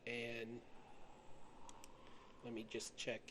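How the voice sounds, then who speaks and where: A man narrating as game master of a tabletop game over a video call, describing things slowly with restarts. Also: medium pitch, completely flat delivery, background noise. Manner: slow, halting descriptions with restarts. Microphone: home microphone on a video call.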